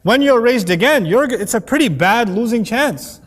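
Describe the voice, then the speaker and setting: A man teaching a lecture on Quranic Arabic, animated and playful, acting out quoted voices as he explains. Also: extremely high pitch, normal speed, in a large hall.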